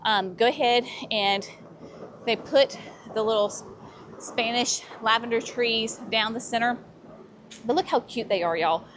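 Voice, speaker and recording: A woman's voice: fairly high pitch, measured pace, pauses often, a bit bright, a little hiss or hum. A woman hosting a casual walk-through of plants at a garden center, chatty and enthusiastic. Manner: chatty and enthusiastic, says y'all often.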